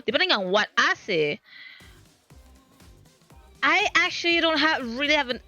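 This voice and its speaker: A woman's voice: high voice, sing-song, measured pace, sharp tone, soft background music. A woman streamer from the French Caribbean with a French Caribbean Creole accent, chatting casually in a rambling, self-deprecating way with many restarts. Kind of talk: casual chat. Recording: dull lo-fi stream audio.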